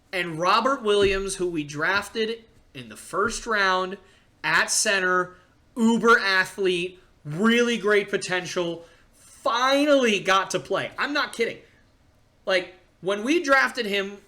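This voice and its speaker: A podcast host talks basketball with a fan's excitement, his voice sitting a bit high for a man. The tone is bright and forceful, and he often stammers and restarts mid-sentence before pushing on. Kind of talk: casual sports podcast monologue.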